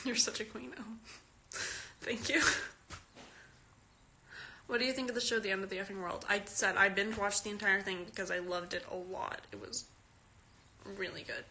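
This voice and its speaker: A woman's voice: mid-range voice, moderate pace, pauses often, bright, forceful tone, slight background noise. A fourteen-year-old girl from Canada, giggling and chatting as she reads out and answers fans' questions on a phone live stream. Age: teen.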